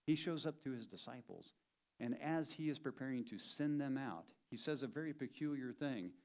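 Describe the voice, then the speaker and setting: A man's voice: mid-range voice, lively intonation, normal speed, a little mellow. A man preaching a sermon as a pastor in a church, conversational and playful, driving points home by repeating them. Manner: conversational and playful, with emphatic repetition.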